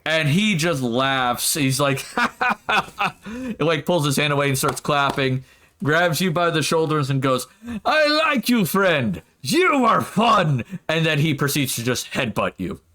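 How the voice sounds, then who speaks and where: Male game master, bright tone, slightly high voice, quick to laugh and excitable. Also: slight background noise. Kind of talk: narrating a tabletop game.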